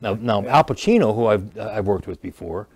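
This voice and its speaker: A man, an actor and comedian, telling animated stories as a guest in a casual studio interview. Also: fairly low pitch, fairly quick, husky. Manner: animated storyteller who jokes and restarts lines.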